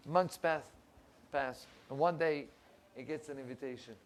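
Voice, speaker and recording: A rabbi telling a story, animated and acting out the people in it. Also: male voice, a little slow, a little hiss or hum. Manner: animated storyteller, acts out quoted voices, rising pitch in emotional lines. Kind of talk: storytelling sermon. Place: synagogue.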